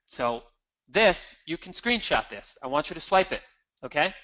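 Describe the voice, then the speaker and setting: Bright-voiced man giving a sales seminar. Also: fairly high pitch, moderate pace, poor audio. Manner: energetic, emphatic, salesy. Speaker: marketing presenter. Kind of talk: seminar talk with slides.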